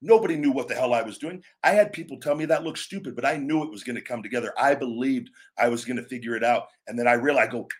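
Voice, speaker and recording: A middle-aged man hosting his own show, talking bluntly and emphatically, now and then acting out catchphrases with sudden shouts and drawn-out words. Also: medium pitch. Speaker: podcast host and former pro wrestler. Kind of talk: opinionated casual talk.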